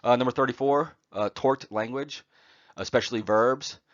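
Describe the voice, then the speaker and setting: A man giving a recorded poetry lecture over slides, often pausing on "uh" and checking in with "right?". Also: medium pitch, no echo, dull audio. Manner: frequent "uh" fillers and "right?" check-ins.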